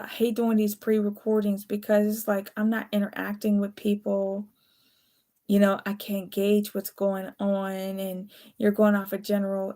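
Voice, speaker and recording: A tired woman giving a casual, late-night tarot reading, chatty and candid, swearing now and then. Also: medium pitch. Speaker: tarot reader.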